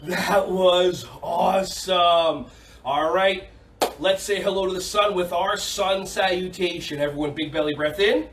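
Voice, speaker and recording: A man leading a kids' yoga and karate class, cheerful and encouraging, repeating his praise and sometimes bursting into shouts. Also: high-pitched, unhurried, far from the mic, noisy background. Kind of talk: upbeat kids' class instruction. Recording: echoey room, voice off-mic.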